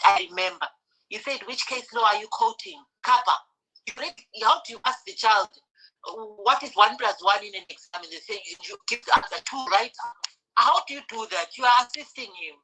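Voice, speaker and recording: A woman's voice: a little high, sharp tone, low-quality recording. A woman on a podcast panel venting in exasperation, firing off rhetorical questions. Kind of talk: heated casual commentary.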